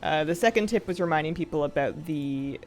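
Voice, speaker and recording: A woman's voice: low-pitched, fairly quick, a little mellow, faint music behind. A woman streaming a game live, chatting casually with her viewers in a self-mocking, grumpy, joking way and laughing often. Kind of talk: casual live-stream chat while gaming.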